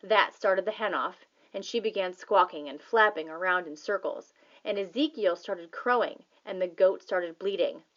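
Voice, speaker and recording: A woman narrating a children's novel as an audiobook reader, in a plain, steady manner. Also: mid-range voice, normal speed. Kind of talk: scripted narration. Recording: slightly dull audio.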